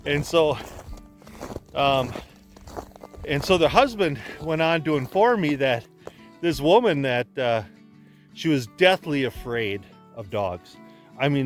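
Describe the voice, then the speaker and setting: A man from Wisconsin, a former sled dog guide, telling stories in a casual, rambling way with many restarts. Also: mid-range voice. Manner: rambling, repeats words as he restarts. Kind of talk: casual storytelling.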